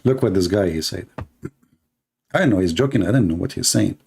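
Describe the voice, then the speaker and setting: A man's voice: low-pitched, expressive, fairly quick, vocal fry, a little mellow, husky. A man from the Middle East, a native Arabic speaker with an Arabic accent, hosting a live debate in a sarcastic, mocking manner. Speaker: online debate host.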